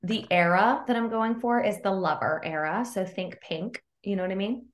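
A woman's voice: mid-range voice, reverberant. A woman co-hosting a casual podcast chat, bubbly and gushing, peppering her talk with "like". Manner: bubbly, gushing, fast-talking with lots of "like". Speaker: podcast co-host.

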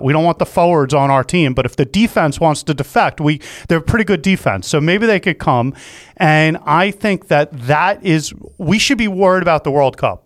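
A man's voice: on the high side, no echo, studio quality. Rambling jokey male podcast host. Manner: rambling, self-mocking, jokey. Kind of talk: casual chat.

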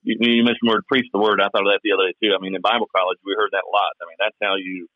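A man's voice: low-pitched, level tone, racing, no echo. A man from Kentucky with a Southern drawl, co-hosting a podcast and talking through his views at length. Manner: thoughtful, explaining at length. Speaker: podcast co-host. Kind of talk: casual podcast chat. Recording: tinny phone line.

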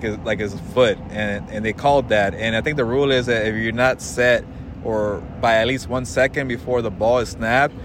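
A man co-hosting casual sports analysis, weighing each call in a measured, hesitant way full of fillers. His voice sits mid-pitch, and street traffic and car sounds are plainly audible behind him. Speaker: co-host.

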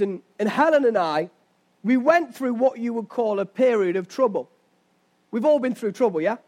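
A young man preaching a sermon as pastor, telling stories and asking his listeners rhetorical questions. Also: very high voice. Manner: conversational storytelling with rhetorical questions.

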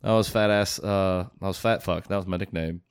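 A man's voice: low voice, steady tone, fairly quick, smooth, no echo. A man hosting a podcast in a loose, rambling, profane way, talking casually with plenty of swearing. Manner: rambling, profane, laid-back. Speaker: podcast host. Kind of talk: casual chat.

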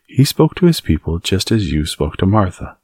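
A man's voice: low voice, big pitch swings, normal speed, darkish tone, slightly rough, no room sound, clean studio sound, pitched above the performer's own voice, full character voice. A man reading an audiobook voices a curious, blunt little girl who speaks in a plain, matter-of-fact way. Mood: earnest.

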